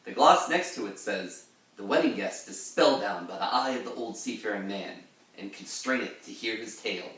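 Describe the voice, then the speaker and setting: Man, low-ish voice, casual teacher explaining poetry, rambly, echoey room, mic a bit far. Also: animated, normal speed, a bit bright. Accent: pirate-style put-on accent in readings. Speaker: literature lecturer. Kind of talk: informal poetry lesson with pirate-voiced readings.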